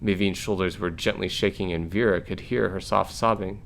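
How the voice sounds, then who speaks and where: A man reviewing a story game, narrating its text aloud in an even, plain way. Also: low-pitched, moderate pace, creaky, hardly any pauses, a little hiss or hum.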